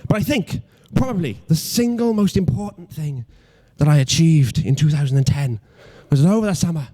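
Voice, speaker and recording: Young Welsh man on stand-up, mellow voice sitting a bit high, self-mocking, trips over his words. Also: lively intonation, fairly quick. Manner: self-deprecating, stammering restarts, mock-logical. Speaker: stand-up comedian. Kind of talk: stand-up comedy routine.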